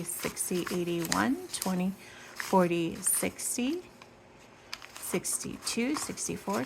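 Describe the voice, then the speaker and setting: A woman from Michigan hosting a casual budgeting vlog, chatting in rambling tangents and counting cash out loud. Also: medium pitch, gravelly, a little hiss or hum. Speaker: budgeting channel host.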